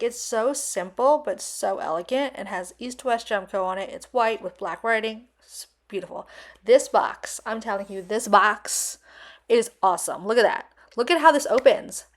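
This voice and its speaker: A young adult woman narrating a casual vlog voice-over, gushing and effusive, chatty with lots of fillers. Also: medium pitch. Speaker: vlogger reviewing a purchase.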